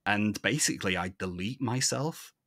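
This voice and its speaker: A man with a soft Northern English accent that drifts toward polished standard British. His voice sits fairly low and sounds close and dry, with no room around it. He talks in long, thoughtful stretches as a podcast guest. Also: expressive, normal speed, no echo. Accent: soft Northern English, leaning toward received pronunciation. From Manchester, England. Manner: reflective, talks in long monologues. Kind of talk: casual conversation.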